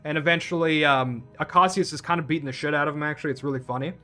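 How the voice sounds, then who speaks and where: A man's voice: a little high, steady tone, racing, bright, forceful tone, soft background music. A man recapping a film plot in a casual, profane rant, full of restarts and tangents. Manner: rambling, profane, with many restarts. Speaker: film reviewer.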